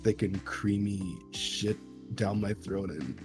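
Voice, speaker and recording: A man appearing as a guest on a streamed roleplay, bawdy and cheeky, delivering innuendo deadpan. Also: on the low side, slow pace, soft background music. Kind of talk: casual comedic roleplay.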